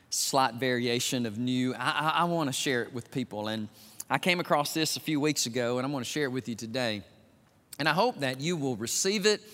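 An older man preaching as a pastor, moving from quiet musing to loud, emphatic declarations. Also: fairly high pitch. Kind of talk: sermon. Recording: long reverb of a large hall.

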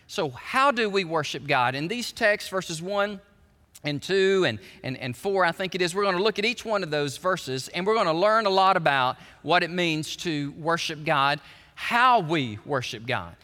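A man, a pastor preaching a sermon, animated and shifting between quiet prayer and loud shouting. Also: fairly high pitch, moderate pace. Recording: reverberant hall.

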